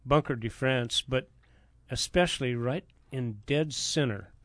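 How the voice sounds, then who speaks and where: A man's voice: mid-range voice, measured pace, fairly bright tone, no echo, studio quality. A man co-hosting a radio talk show, with hearty, folksy banter. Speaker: radio co-host.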